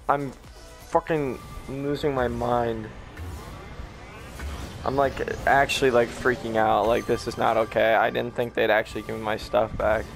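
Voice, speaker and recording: A young gamer reacts live to a crate opening, ecstatic and shaky, sometimes shouting and nearly in tears. His voice is medium in pitch.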